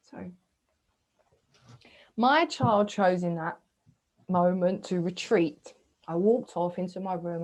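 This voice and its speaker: Soft-spoken woman coaching reflection. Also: fairly low pitch, poor audio. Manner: soft, searching, asks listeners questions with a gentle 'hmm?'; breathy sighs, slow reflective pauses. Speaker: spiritual coach. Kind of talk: guided self-reflection talk.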